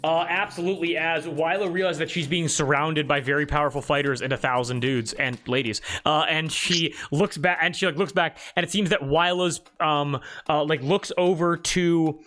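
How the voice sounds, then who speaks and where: A man's voice: fairly high pitch, steady tone, normal speed, hardly any pauses, fairly bright tone. A man narrating a tabletop game as game master, rambling and laughing, doing playful voices for soldiers.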